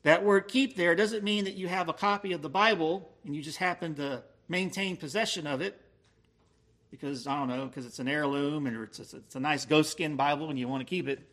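Preacher: man, somewhat high voice, emphatic, slows on key words. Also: fairly bright tone. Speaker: pastor. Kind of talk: expository sermon.

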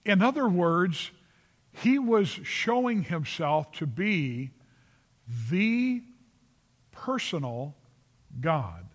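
A man's voice: high-pitched, sing-song, drawn-out words, long pauses. A man preaching a sermon, earnest and emphatic, repeating phrases for stress and calling on listeners by name. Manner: addresses listeners directly by name. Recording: long reverb of a large hall.

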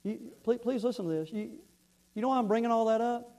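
Preacher guy, high voice, earnest sermon, tells stories, stumbles and repeats words. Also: quick pace, warm tone, rough recording. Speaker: pastor.

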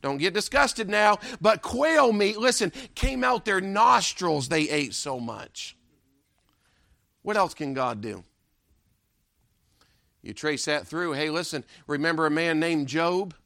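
A man preaching a sermon, emphatic and rhetorical, repeating a refrain question and dropping low and soft on key lines. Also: lively intonation, unhurried, creaky, few pauses, dry recording, studio quality.

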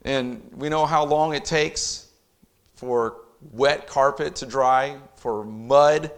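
A man preaching a sermon, reading scripture aloud and rising to loud, impassioned emphasis. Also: medium pitch, slow pace. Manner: reads scripture in King James wording.

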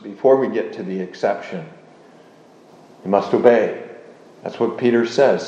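A man teaches doctrine slowly and deliberately, with a lowish, mellow voice. The recording sounds dull and lo-fi. The room is echoey. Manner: measured, deliberate, with frequent uh fillers. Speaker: teacher of a confession.

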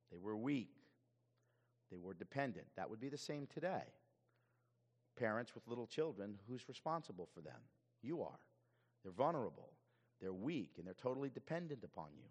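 A male pastor preaching a sermon in an animated way, often repeating words as he goes. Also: fairly low pitch, in a large hall.

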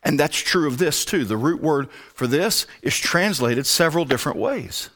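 Lively-pitched preacher teaching scripture. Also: male voice, normal speed. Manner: conversational, explains his word study step by step. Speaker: pastor. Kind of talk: Bible teaching sermon.

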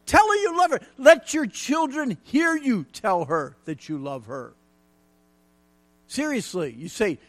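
A man's voice: very high-pitched, very animated, measured pace, dry recording. A middle-aged man preaching a folksy, emphatic sermon with jokes and repetition. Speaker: pastor.

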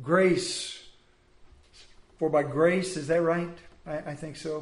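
High-voiced preacher in an echoey church. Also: male voice, fairly even intonation, slow. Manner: dramatic, acts out voices of biblical figures, swings loud and soft. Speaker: pastor. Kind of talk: sermon. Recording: echoey room.

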